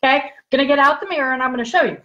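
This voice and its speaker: A woman's voice: high voice, very fast, a bit bright. A woman hosting a casual live product demo, chatty and giggly, checking in with her viewers constantly. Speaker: livestream host demonstrating skincare patches. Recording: dull lo-fi livestream audio.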